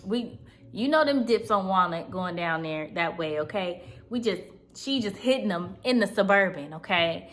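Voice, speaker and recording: Speaking at a normal speed with an expressive, medium-pitched, fairly bright voice, this thirties-something Southern California vlogger shares personal story time, confiding in her viewers chattily and frequently checking in with them.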